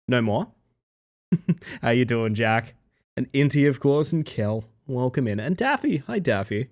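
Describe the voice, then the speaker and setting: A man's voice: medium pitch, very animated, a little slow, long pauses. A young man streaming live while a little sick, his voice a bit off, bantering playfully with his viewers. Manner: playful, jokey banter, greeting viewers by name.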